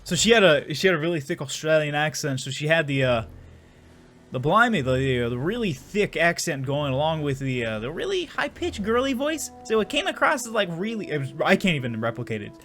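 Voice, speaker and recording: A man's voice: on the high side, sing-song, fairly quick, a bit bright, faint music behind. A young man rambling and joking crudely while commenting on his game. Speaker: gaming streamer. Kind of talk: casual let's-play commentary.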